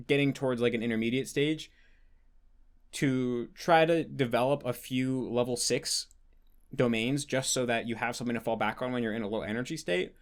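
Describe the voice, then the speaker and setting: Young male host, casual Q&A, rambling explainer, mid-pitched, lots of filler words. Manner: rambling, restarts with many likes, explanatory. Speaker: host answering patron questions. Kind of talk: casual Q&A monologue.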